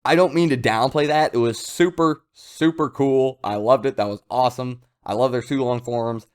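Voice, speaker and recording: A man giving casual, excitable commentary as a comics reviewer. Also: mid-range voice, moderate pace, smooth. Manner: excitable, animated, hyped. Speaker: manga reviewer.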